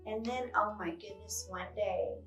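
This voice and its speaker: A woman librarian recommending children's books, telling their stories in an animated way with frequent exclamations. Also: mid-range voice, measured pace. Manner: animated storytelling, exclaims often. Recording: roomy echo, distant mic, faint guitar music.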